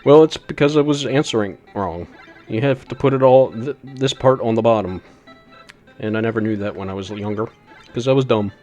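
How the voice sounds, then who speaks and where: A man's voice: mid-range voice, fairly quick, darkish tone, faint music behind. A man streaming a retro video game live, chatting casually while he plays, in a rambling, self-deprecating way. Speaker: gaming streamer.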